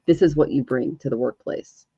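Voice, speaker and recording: Woman card reader on a home stream: soft, intuitive, meandering delivery; warm, slightly low voice, dull close audio. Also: normal speed, breathy edge, dry recording. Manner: gentle, intuitive, talks in loose flowing phrases. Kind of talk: live online card reading.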